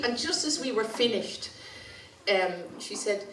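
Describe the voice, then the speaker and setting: A woman's voice: mid-range voice, sing-song, moderate pace, crowd noise, noisy background. Irish woman telling a story in a hall. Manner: chatty, anecdotal, colloquial. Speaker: community activist speaker. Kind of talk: storytelling speech at a conference. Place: conference hall. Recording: roomy sound from a distant mic.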